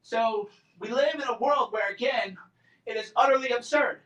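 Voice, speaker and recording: An invited speaker in his forties gives a combative, sarcastic talk to a student group in a campus lecture room, mocking others in put-on voices. His voice is very high, moderately paced, and a bit bright, with highs cut off. The recording sounds roomy and distant from the mic.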